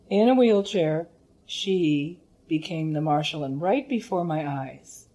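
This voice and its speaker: An older woman, a former opera singer, telling animated stories about her teacher in an interview. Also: mid-range voice. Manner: animated storyteller with vivid quoted impressions. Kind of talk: reminiscing interview.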